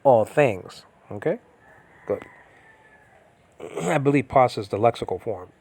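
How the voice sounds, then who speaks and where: A man's voice: mid-range voice, expressive, takes it slowly, vocal fry, a little mellow, husky. A man teaching biblical Greek in an informal, rambling way, with many fillers and restarts, often asking if listeners follow.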